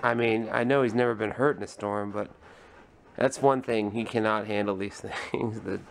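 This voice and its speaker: A man filming a casual home vlog, chuckling and gently soothing his frightened dog. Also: lowish voice, steady tone, moderate pace, creaky, slight background noise. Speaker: vlogger. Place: home indoors.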